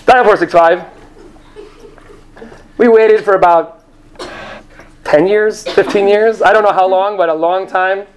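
A man's voice: high voice, steady tone, unhurried. A man telling a comic story on stage into a handheld microphone, rambling and self-deprecating, often jumping into put-on voices.

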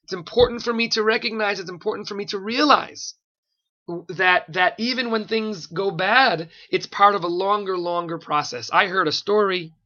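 A man's voice: high voice, moderate pace, bright, forceful tone, dull audio. A man giving a fervent sermon-style Torah talk, repeating phrases for emphasis.

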